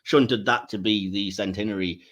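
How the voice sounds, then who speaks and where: A man's voice: fairly low pitch, fairly even intonation, moderate pace, a bit bright. A man on a podcast, speaking tentatively and in a self-deprecating way. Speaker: podcast guest. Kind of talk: casual chat.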